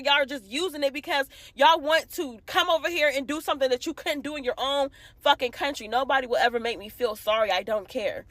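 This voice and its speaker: A woman's voice: high-pitched, sharp tone, no room sound. A woman delivering a heated, profane rant straight to the camera. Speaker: commentator ranting to camera.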